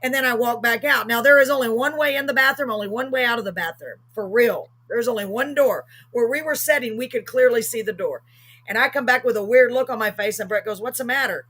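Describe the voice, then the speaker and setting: A woman's voice: on the high side, fairly quick, fairly bright tone. A middle-aged woman, telling a story on a live talk show with emphatic, acted-out quotes. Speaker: host.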